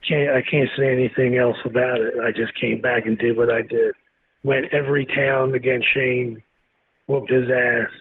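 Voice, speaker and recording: With a breathy edge to his medium-pitched voice and a normal speaking speed, a man appearing as an interview guest tells a story bluntly, swearing plenty and staying animated. The recording is a tinny, phone-like line carrying faint noise.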